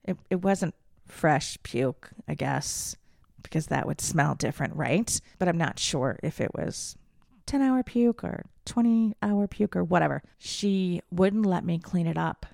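A young woman hosting a podcast tells a personal story in a fairly low, gravelly, darkish voice, animated yet a little slow. She's candid, swears freely, and acts out quoted voices. The recording is studio quality with no room sound.

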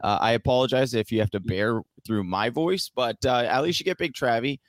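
A man co-hosting a casual sports podcast, energetic as he opens the show and self-deprecating in banter. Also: medium pitch, a little fast, dry recording, clean studio sound. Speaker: podcast co-host. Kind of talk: casual fantasy football podcast talk.

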